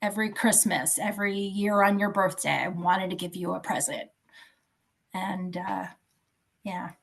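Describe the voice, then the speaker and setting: Podcast guest: woman, 50s, slow and halting, a gravelly edge, soft-spoken. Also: medium pitch, fairly even intonation. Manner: halting, soft, searching for words. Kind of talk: personal storytelling in an interview.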